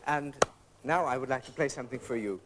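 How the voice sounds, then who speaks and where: A man's voice: medium pitch, fairly quick, very noisy. A man leading a rehearsal, courteous and precise, singing out rhythms in nonsense syllables to show the phrasing. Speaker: visiting violinist leading a workshop. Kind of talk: rehearsal coaching.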